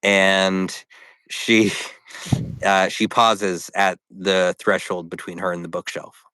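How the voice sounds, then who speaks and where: Low-voiced man running a tabletop game. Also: little pitch movement, slow pace, bright, forceful tone, smooth, no room sound, studio quality. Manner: voices characters in quotes with laughing asides. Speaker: dungeon master.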